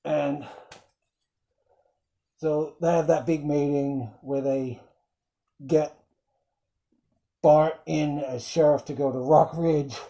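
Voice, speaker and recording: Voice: medium pitch, steady tone, slow pace, vocal fry, pauses often, warm tone. A film reviewer talking casually, rambling with many fillers and fondly quoting film lines. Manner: fond, quotes film lines.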